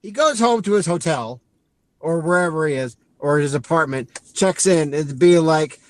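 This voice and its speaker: A podcast co-host whose voice is on the high side, with no room sound, casually recaps a movie. He rambles along, performing lines and adding quick asides.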